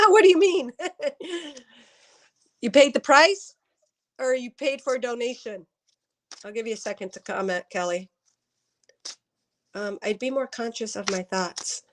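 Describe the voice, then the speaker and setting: A woman's voice: fairly high pitch, a bit bright. A woman giving casual spiritual readings on a live stream. She talks to viewers by name and laughs often. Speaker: intuitive reader on a live stream.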